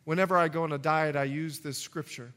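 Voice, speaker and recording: A man preaching a sermon as pastor, telling a story with jokey asides and swinging between loud and hushed delivery. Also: on the high side, steady tone, fairly quick.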